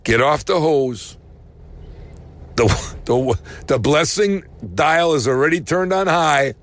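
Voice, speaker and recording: A man preaching a sermon, animated, rising to shouts and slowing down hard on key phrases. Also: a little high.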